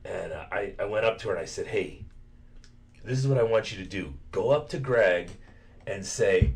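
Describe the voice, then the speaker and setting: A man's voice: fairly low pitch, animated, moderate pace, darkish tone. A man hosting a podcast, a laid-back storyteller who swears and laughs often in casual chat. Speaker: podcast host.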